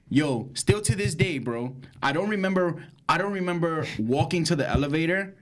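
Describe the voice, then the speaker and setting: A man's voice: brisk, hardly any pauses. A young man, co-hosting a podcast and telling a wild story in slangy casual chat, acting out quotes and laughing. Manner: animated, slangy, acts out quotes with big pitch jumps and laughter. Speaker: podcast co-host.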